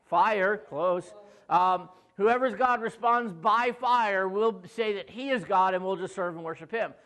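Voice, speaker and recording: High-voiced pastor telling a lively story. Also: male voice, unhurried. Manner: jokey, acts out quoted voices with asides to the congregation. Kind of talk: casual storytelling sermon.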